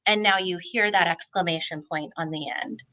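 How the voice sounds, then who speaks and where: A woman talks parents through reading games in a friendly, explanatory way, now and then pausing on an um. Her voice sits a little low but rings bright and forceful. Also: rough recording. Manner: friendly, explanatory, with filler ums. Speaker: family literacy presenter. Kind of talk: instructional talk for parents.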